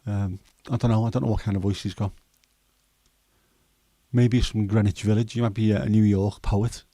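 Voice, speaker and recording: A hoarse man in his fifties with a Scouse accent, chatting loosely on a livestream and wandering between jokes with plenty of ums. His voice is low and mellow, recorded dry and close. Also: little pitch movement, normal speed, no echo. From Liverpool, England. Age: 50s. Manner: rambling, jokey, many fillers. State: hoarse throat. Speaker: livestream host. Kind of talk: casual chat.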